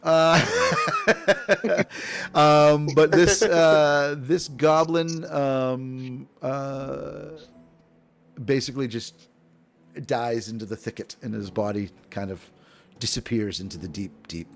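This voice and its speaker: A man's voice: medium pitch, fairly even intonation, takes it slowly, gravelly. A man running a tabletop game as dungeon master, rambling with many fillers and frequent laughs. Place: home streaming setup.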